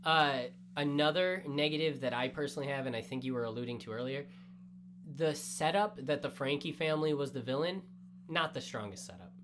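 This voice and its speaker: A man co-hosting a casual anime review chat, talking in animated bursts with quick asides. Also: a little high, a little hiss or hum. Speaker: podcast co-host.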